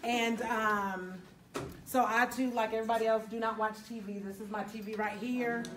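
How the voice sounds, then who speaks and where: A woman's voice: a little high, fairly even intonation, moderate pace, a bit bright, slight background noise. A woman from Louisiana introducing herself to a group of fellow activists, earnest and talkative. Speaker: activist at a meet and greet. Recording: echoey room, mic far off, crowd behind.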